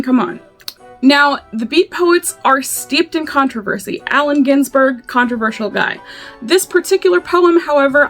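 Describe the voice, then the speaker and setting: A woman reading poems aloud with casual, playful and irreverent commentary, as host of her own show. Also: on the high side. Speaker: poetry reader and host.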